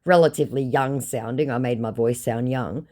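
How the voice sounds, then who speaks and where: A woman's voice: extremely low pitch, normal speed, darkish tone. An Australian woman casually recounting a story in a blunt, sarcastic way, swearing freely. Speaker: scam-baiting channel host.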